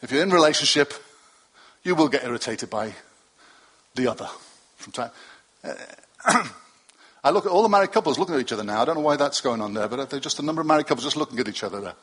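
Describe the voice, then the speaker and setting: Husky-voiced male pastor preaching conversationally. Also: mid-range voice, expressive, fast talker, long pauses, fairly bright tone. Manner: conversational preaching with asides and self-deprecating humor. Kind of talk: sermon. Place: church hall with a congregation.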